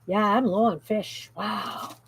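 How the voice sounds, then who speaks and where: A woman's voice: medium pitch, fairly even intonation, takes it slowly, slight background noise, poor audio. A woman hosting a craft livestream from her home craft room, chatting casually and reading out viewer comments as she works. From Canada. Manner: chatty, reads out viewer comments while working.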